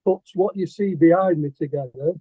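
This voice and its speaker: A man's voice: on the high side, moderate pace, dark tone, breathy edge, no room sound. An older man, a guest artist telling stories in a casual interview, rambling and hesitant with lots of fillers and restarts. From England. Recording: dry, tinny phone-like line.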